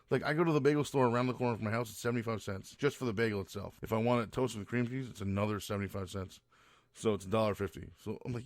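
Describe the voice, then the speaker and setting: A podcast host rants in a loose, profane monologue, stumbling over restarts as he goes. His voice sits low and sounds dry and close. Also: fast, no room sound. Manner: ranting, profane, rambling with restarts. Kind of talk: casual monologue.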